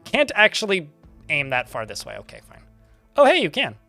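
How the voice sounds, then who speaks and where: Guy streaming a game, bright voice that swings up and down a lot, laughs and cusses casually, faint music behind. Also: a little high, huge pitch swings, normal speed, creaky, no room sound. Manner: chatty, laughs often, swears casually. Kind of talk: casual gameplay commentary.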